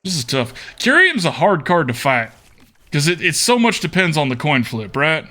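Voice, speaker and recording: A man's voice: a little high, very animated, normal speed, sharp tone. A young man streaming a card game, chatting casually and thinking aloud with murmured hmms and repeated okays. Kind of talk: casual live gameplay commentary.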